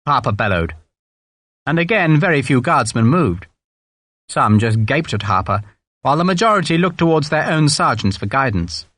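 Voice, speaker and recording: A man narrating a historical war novel in a measured, expressive reading. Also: mid-range voice, slightly rough, no echo. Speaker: audiobook narrator. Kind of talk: scripted narration.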